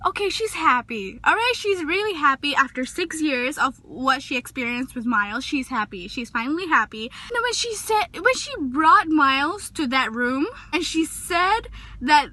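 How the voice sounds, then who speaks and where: A young woman casually reviewing a book in a vlog, talking emotionally and gushing, recorded on a phone in a parked car. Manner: gushing and emotional, pitch jumping up when excited. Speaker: vlogger.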